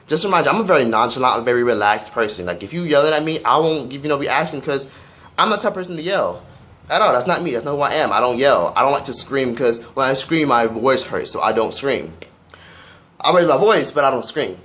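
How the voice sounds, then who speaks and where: A young man telling a storytime vlog in a casual, profane, animated way. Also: on the high side, a little fast. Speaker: vlogger.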